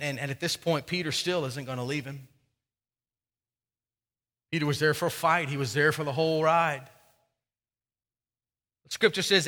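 A man's voice: a little high, bright, forceful tone, in a large hall. A man preaching a sermon as a pastor, emphatic and often repeating words as he builds.

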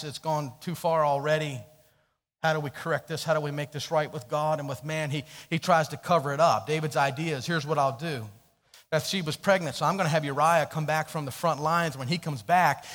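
A man preaching a sermon, telling a story and swinging from hushed, low passages to loud, emphatic questions. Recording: long hall reverb.

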